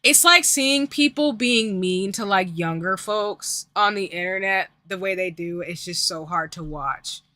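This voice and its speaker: A woman's voice: medium pitch, measured pace, few pauses, sharp tone, no room sound. A woman streamer talking earnestly to her chat in a casual gaming stream, her voice choking up with tears. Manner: earnest, talks straight to her chat, many fillers. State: tearful, voice choking up.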